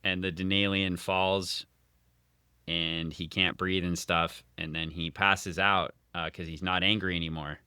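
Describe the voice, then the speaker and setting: A man co-hosting a casual comic book podcast, animated and dryly sarcastic. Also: deep voice, a little slow, clean tone, dry recording, studio quality. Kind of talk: casual chat.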